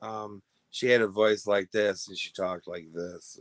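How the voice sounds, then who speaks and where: A man's voice: on the low side, steady tone, measured pace, no room sound. A man hosting his own show, telling a long rambling story to viewers in a chatty, self-interrupting way. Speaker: host.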